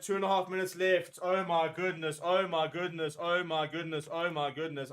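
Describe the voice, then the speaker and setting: A man's voice: on the high side, flat delivery, moderate pace, few pauses, fairly bright tone. A man giving emotional live fan commentary on a rugby match, nervously repeating phrases as he calls the play.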